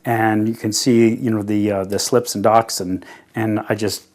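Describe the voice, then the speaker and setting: A man's voice: on the low side, flat delivery, normal speed, a little mellow. A man hesitantly recalling a memory in an interview. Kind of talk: reminiscing interview.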